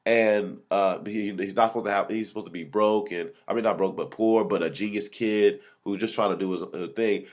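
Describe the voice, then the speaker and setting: A man hosting his own movie review vlog, talking off the cuff with excitement, rambling and often correcting himself mid-sentence. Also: lowish voice, brisk, hardly any pauses. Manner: excited, rambling, many restarts and self-corrections. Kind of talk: casual unscripted movie review.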